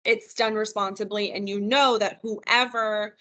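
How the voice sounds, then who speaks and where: A woman's voice: medium pitch, fairly even intonation, a little slow, bright, forceful tone. A woman giving a live virtual financial wellness training, chatty and encouraging as she answers questions from attendees over a computer microphone. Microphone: computer mic on a video call.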